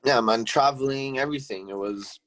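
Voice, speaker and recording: A man's voice: medium pitch, a little fast, fairly bright tone, dry recording, low-quality recording. A man, a gym owner talking as a podcast guest, heated and swearing, restarting his sentences. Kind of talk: casual chat.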